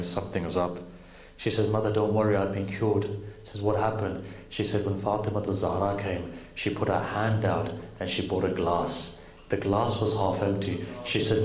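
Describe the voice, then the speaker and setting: Here the preacher's pitch sits fairly low and a little mellow as he narrates a story for his majlis gathering. His delivery is earnest and aimed right at the listeners, recorded in a spacious hall with faint noise.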